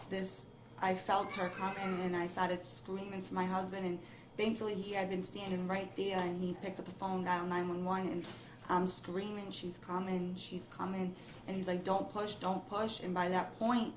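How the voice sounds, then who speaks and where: A young woman gives an interview, recounting a frightening personal experience in a steady, low-key voice that grows more emotional as the story goes on. The room carries a noticeable echo, with a faint hiss of background noise under her words. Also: normal speed. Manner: breathless, rising emotion, quoting others in the retelling.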